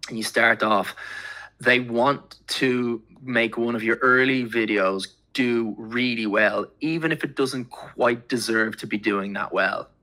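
A man's voice: medium pitch, a little slow, sharp tone. A man speaking as a podcast guest in casual chat, rambling with lots of fillers and casual swearing.

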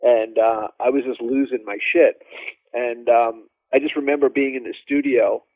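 A male drummer telling animated stories as a podcast guest, with lots of fillers and restarts. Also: mid-range voice, moderate pace, no room sound. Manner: animated, laughing storyteller, many fillers. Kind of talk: casual storytelling interview. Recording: dry phone-like line.

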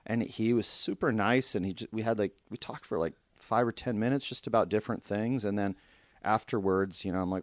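A man guesting on a podcast, telling stories in a rambling, easygoing way. His voice is low, and the recording is dry and close. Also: brisk, dry recording. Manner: rambling storyteller. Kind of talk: casual chat.

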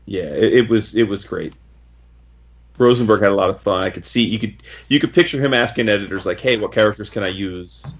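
A podcast co-host with a lowish voice reviews a comic book casually, enthusiastic and rambling, often restarting his sentences at a slightly fast pace. The recording is dull and lo-fi.

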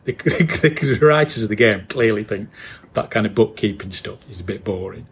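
Man, northern English accent, middle-aged, gravelly, lowish voice, musing podcast co-host. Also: lively intonation. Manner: musing, chuckling, halting restarts. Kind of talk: casual chat.

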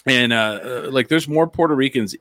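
A man's voice: medium pitch, brisk, a bit bright, no echo. A man chatting casually on a podcast, rambling and full of filler words. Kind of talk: casual chat.

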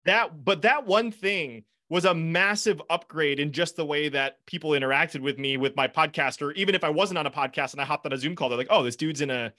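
A man hosting a podcast, chatting casually with his guest. His voice sits a bit high, and he talks earnestly, rambling and restarting sentences, with the odd swear word. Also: brisk, few pauses, pushed and bright. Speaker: podcast host. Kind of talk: casual interview chat. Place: home studio with foam panels.

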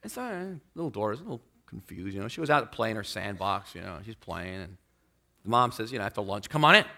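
A man preaching a sermon to his church, animated in delivery and acting out the people in his stories. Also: lowish voice, fast, vocal fry. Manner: animated, acts out quoted people in the story. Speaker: pastor.

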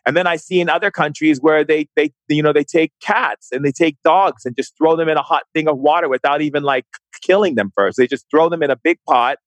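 A man's voice: fairly high pitch, brisk, no echo. Impassioned man, stumbling restarts. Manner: impassioned, repeats words and restarts often. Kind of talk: emotional conversation.

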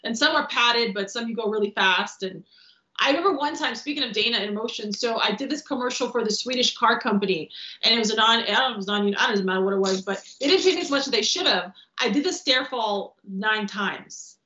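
Stunt woman guest, slightly high voice, animated, salty, recorded in an echoey room. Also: brisk. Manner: animated, acts out quotes, swears freely. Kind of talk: casual podcast storytelling. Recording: roomy, dull lo-fi podcast audio.

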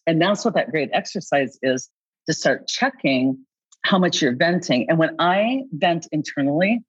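A woman coach in a podcast conversation who talks with a husky voice and acts out both sides of the dialogues she describes. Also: sits low, dry recording, lo-fi sound. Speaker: coach advising company founders.

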